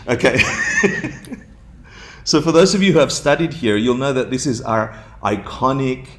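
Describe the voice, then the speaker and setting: A man with a gravelly edge to his voice leads a dharma class. He is playful, laughs a lot and keeps asking the students questions as he goes. His pitch sits in an ordinary middle range. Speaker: dharma teacher.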